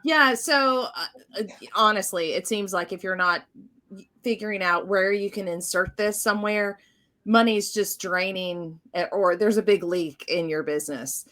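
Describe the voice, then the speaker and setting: A woman's voice: mid-range voice, moderate pace, a bit bright. A woman hosting an interview, chatty and affirming toward her guest. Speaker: host. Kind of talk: casual interview.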